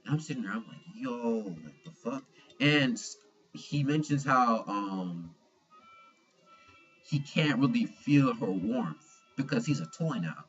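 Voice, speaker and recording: A man's voice: mid-range voice, lively intonation, unhurried, highs cut off, soft background music. A young man giving a casual manga chapter review, slangy and profane, retelling scenes with animation.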